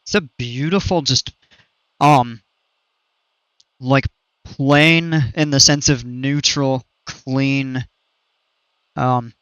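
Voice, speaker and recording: A man's voice: mid-range voice, fairly even intonation, drawn-out words, long pauses, fairly bright tone, clear, resonant tone, no room sound, highs cut off. A man chatting casually on a live game stream through a headset, chuckling a lot and trailing off mid-sentence.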